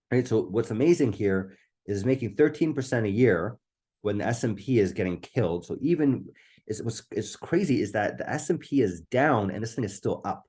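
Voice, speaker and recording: Hoarse, eager man presenting a webinar. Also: lowish voice, dark tone. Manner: enthusiastic, keeps asking "right?". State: voice going hoarse.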